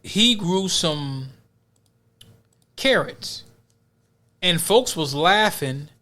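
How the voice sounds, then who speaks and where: A man's voice: sits high, lively intonation, extremely slow, pushed and bright. A male podcast host giving casual, emphatic commentary, often restarting his sentences.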